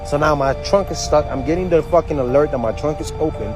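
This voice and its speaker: A man's voice: on the high side, fast, over music, rough recording. Heated man ranting through a story. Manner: animated, heated, profane storytelling. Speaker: social media poster. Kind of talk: profane storytime rant. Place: parked car.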